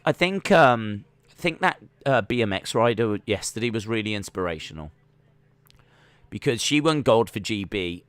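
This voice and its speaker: A man's voice: fairly low pitch, no room sound. A man hosting a casual watch-along livestream, rambling and full of "like" and restarts. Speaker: livestream host.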